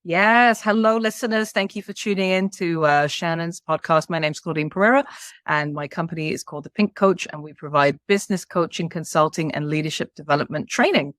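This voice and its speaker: A woman's voice: fairly low pitch, brisk, fairly bright tone, no echo, studio quality. A woman in her fifties from the United Kingdom, a leadership coach being interviewed on a podcast. She speaks enthusiastically and at length. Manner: enthusiastic and talkative.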